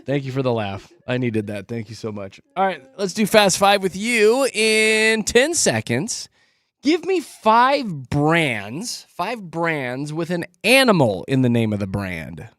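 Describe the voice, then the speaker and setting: Lively high-voiced male radio host. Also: measured pace, dry recording, studio quality. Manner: teasing, animated. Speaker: radio morning show host. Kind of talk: playful radio banter with callers.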